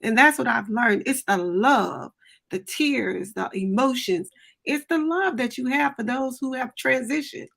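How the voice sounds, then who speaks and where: A woman's voice: sits high, a little slow, vocal fry, a bit bright. A woman on a grief panel speaking emphatically and devoutly, repeating key phrases. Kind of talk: personal testimony.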